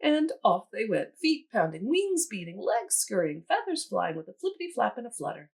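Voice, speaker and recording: A woman museum educator reading a children's storybook aloud in an animated, teacherly way. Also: medium pitch, moderate pace, breathy edge.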